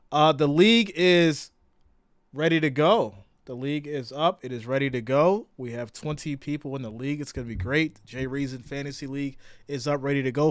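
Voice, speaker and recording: A man hosting a casual sports live stream, loud and excitable, greeting chat viewers by name and swinging between shouted hype and low asides. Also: clear, resonant tone, dry recording, studio quality. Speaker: sports livestream host.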